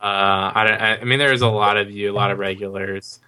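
Male podcast co-host, bright tone, friendly listener shout-outs. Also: on the low side, fairly even intonation, smooth. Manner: friendly, reading out names slowly. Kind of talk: casual podcast banter.

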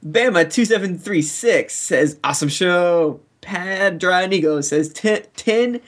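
A man's voice: high voice, slow. A man co-hosting a podcast, reading out listener reviews in casual banter. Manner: lively, reading names in a playful drawl.

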